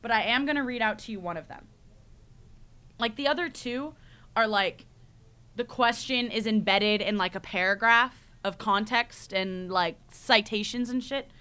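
Bright-voiced woman telling a story. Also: fairly high pitch, moderate pace, clean tone. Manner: rambling, animated storytelling with frequent "like" and laughs. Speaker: podcast host, university student. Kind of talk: casual chat.

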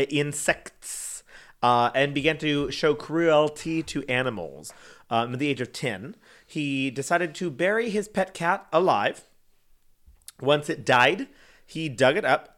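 A man's voice: a little high, animated, a bit bright. A man hosting a casual podcast, joking around and recounting a true crime case with lots of fillers. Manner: joking, drawn-out and laid-back, many fillers. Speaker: podcast host.

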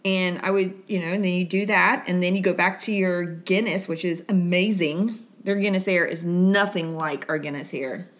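A woman's voice: on the low side, fairly even intonation, normal speed, few pauses. A middle-aged woman from Florida co-hosting a casual chat, rambling through fun facts and laughing often. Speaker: podcast co-host.

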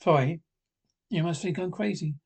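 Wary guarded man come home, read plainly by a man, slightly high voice. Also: moderate pace, gravelly, husky.

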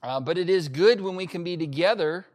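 A pastor preaching an emphatic sermon to a livestream audience, repeating key phrases with frequent fillers. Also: male voice, high-pitched, fairly quick. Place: church during livestream-only service.

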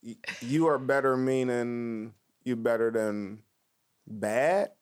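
A man co-hosting a podcast in casual chat, asking questions in a drawn-out way. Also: medium pitch, clear, resonant tone. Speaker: podcast co-host.

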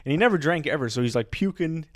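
A man's voice: on the high side, expressive, quick pace, no echo, clean studio sound. A young man co-hosting a podcast, telling a story in a rambling, profane way with lots of fillers and laughs. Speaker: podcast co-host. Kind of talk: casual chat, storytelling.

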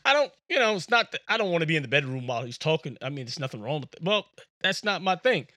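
Bright, rambling male podcast host. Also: fairly high pitch, sing-song, fast talker, no room sound, studio quality. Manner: rambling, jokey storytelling with many fillers. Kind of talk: casual monologue. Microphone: USB podcast microphone.

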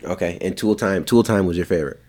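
Man, very low voice, casual podcast chat, jokey, laughs a lot. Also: fast, a little mellow. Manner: joking, laughs often. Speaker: podcast guest, comedian.

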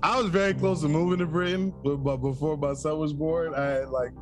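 Animated laughing man with a high voice. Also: brisk, faint music behind. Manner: animated, laughs often, storytelling. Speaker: podcast co-host. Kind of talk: casual chat.

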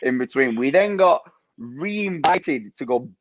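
A young man from Preston, England, speaks with a Lancashire accent as a podcast guest, rambling through stories in casual chat and laughing often. His voice is fairly high with lively intonation at a measured pace. The lo-fi recording sounds muffled, with slight background noise.

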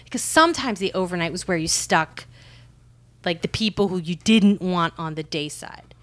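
A woman's voice: on the low side, lively intonation, moderate pace, fairly bright tone, dry recording. Candid, swearing woman telling stories. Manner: candid, profane, filler-heavy with frequent "like". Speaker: storyteller on a podcast panel. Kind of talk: casual storytelling chat.

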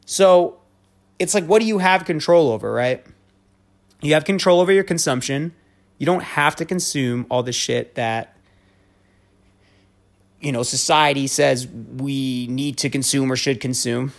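A man's voice: medium pitch, unhurried, gravelly, pauses often. Blunt, profane male podcast host. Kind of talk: casual rant monologue.

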